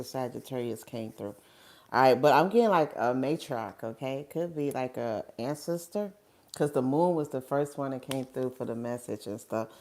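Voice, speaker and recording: A woman with a low voice reads tarot cards in a loose, conversational ramble. She keeps checking in with her listeners and trails off with filler phrases. The delivery is unscripted and informal. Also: darkish tone. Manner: casual, rambling, sprinkles "okay?" and "and stuff". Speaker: tarot reader. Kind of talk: live tarot reading.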